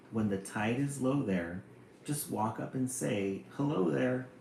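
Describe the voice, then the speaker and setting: Lowish voice guy reading kids poems live, playful, roomy room with faint hum. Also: gravelly, a little mellow. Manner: slow, playful, chuckling between poems. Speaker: live stream host. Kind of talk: reading children's poems aloud on a live stream.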